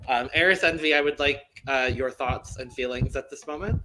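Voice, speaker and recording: A man's voice: medium pitch, brisk, few pauses, pushed and bright, a little hiss or hum, poor audio. A man hosting a casual podcast chat, steering topics in a playful, blunt way. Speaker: podcast host.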